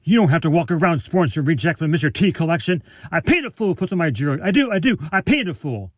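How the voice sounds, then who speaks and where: A man doing a quick impression of a tough-talking man who wears a lot of gold jewelry, in a blustery voice. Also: on the high side, sing-song, dry recording, clean studio sound, voice pushed up. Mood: blustering.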